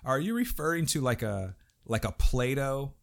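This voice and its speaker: An American man co-hosting a podcast, hoarse and losing his voice, talking fast and casually with apologetic asides. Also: medium pitch, sing-song. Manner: quick, talkative, apologetic asides. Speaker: podcast co-host. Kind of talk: casual chat.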